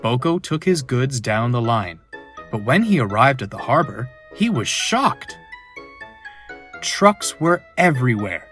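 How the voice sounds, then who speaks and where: A man narrating a children's storybook, slow and expressive. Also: mid-range voice, soft background music.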